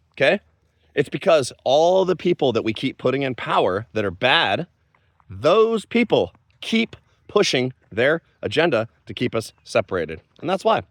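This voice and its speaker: Man, American, rambling vlog rant, heated and scolding, average pitch, dry sound. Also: no echo. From United States. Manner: rambling, loses his train of thought, grows heated and scolding. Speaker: vlogger.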